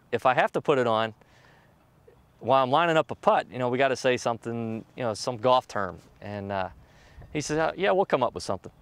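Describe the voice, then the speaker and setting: Man telling animated golf stories. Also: smooth. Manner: animated, acts out quoted voices with jumps in pitch. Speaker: professional golfer. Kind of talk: candid storytelling interview.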